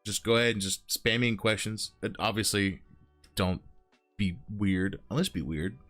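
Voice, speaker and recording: Low-pitched male host of a casual stream, chatty and rambling. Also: moderate pace, fairly bright tone, soft background music. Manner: rambling, filler-heavy, laughs often. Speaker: interview show host. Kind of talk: casual chat.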